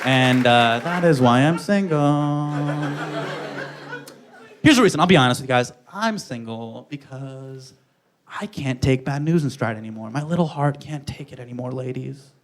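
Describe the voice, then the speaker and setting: A man's voice: mid-range voice, normal speed, crowd noise, background noise. A young man performing a stand-up comedy set, telling self-mocking stories and acting out the dialogue. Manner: animated, self-mocking storytelling with acted-out dialogue.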